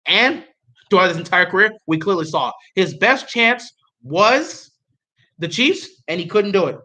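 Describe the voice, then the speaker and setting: High, bright-voiced excitable man. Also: measured pace. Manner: excitable, pleading and repeating himself. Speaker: livestreamer reacting to the draft. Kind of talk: casual live reaction chat.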